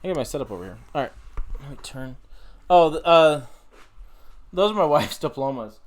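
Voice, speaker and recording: Speaking at normal speed in a fairly high, expressive voice, this channel host runs a casual livestream from his home office using a desk USB microphone. His talk wanders, with self-corrections and offhand swearing.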